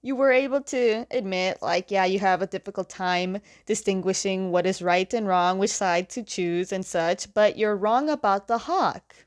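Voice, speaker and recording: A woman's voice: mid-range voice, moderate pace, hardly any pauses, lightly acted. A woman voicing a cold, manipulative older father as she retells a story, speaking in a scornful, condescending way.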